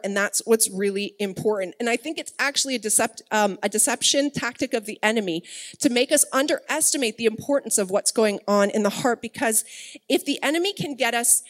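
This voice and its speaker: A woman preaching a streamed sermon with a somewhat high voice. She talks chattily to the congregation and the chat, breaking into laughter as she tells stories from home. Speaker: pastor. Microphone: streamed service, speaking to online chat.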